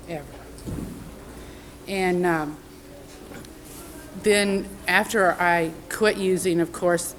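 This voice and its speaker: A woman's voice: mid-range voice, slight background noise, rough recording. A middle-aged woman giving a personal recovery testimony as a convention speaker, heartfelt and conversational, with many fillers. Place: convention meeting room.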